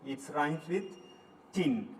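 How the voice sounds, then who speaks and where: A man teaching a recorded English lesson from Sri Lanka, drilling words slowly one at a time. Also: fairly high pitch, animated. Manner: slow, deliberate word-by-word drilling. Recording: distant mic, faint room noise.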